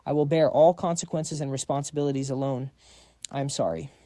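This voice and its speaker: A man's voice: mid-range voice, fairly even intonation, a little fast, mellow, dry recording, studio quality, close to an everyday voice. A man voicing a proud woman scientist who pleads with her ex-husband in an earnest manner. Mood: remorseful.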